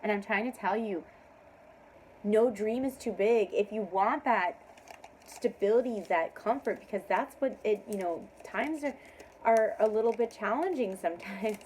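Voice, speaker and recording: A woman giving a casual tarot reading to camera, making emphatic affirmations, laughing often and sometimes dropping to a soft hush. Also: medium pitch, moderate pace, a little hiss or hum, poor audio. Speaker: tarot reader.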